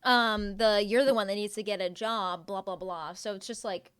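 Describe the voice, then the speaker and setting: A woman's voice: medium pitch, fairly even intonation, moderate pace, a bit bright, clean tone. A young woman live streaming from home, chatting casually with her viewers and answering their chat with playful sarcasm.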